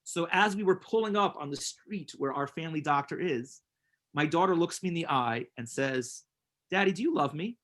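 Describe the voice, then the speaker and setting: A man's voice: fairly high pitch, moderate pace, fairly bright tone. A man teaching a class as a rabbi, earnest and emphatic, telling personal stories and repeating words for stress. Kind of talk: inspirational class with storytelling.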